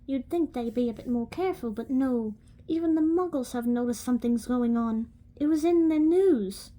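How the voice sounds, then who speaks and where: A woman's voice: high voice, a little slow, warm tone. A woman doing a stern, irritable older professor woman. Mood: impatient.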